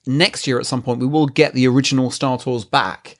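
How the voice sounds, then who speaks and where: A man's voice: mid-range voice, fairly even intonation, a little fast. A man from England with an English accent, a podcast guest joking in a dry, teasing way. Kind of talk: casual podcast chat.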